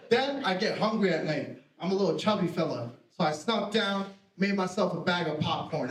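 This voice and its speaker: This stand-up comedian, high-voiced and from a Puerto Rican family, works a theater stage with a live audience, animated and fairly quick with few pauses. His brash, profane set is full of self-mocking punchlines. His voice echoes in the spacious hall, and the mic's distance makes him seem slightly removed.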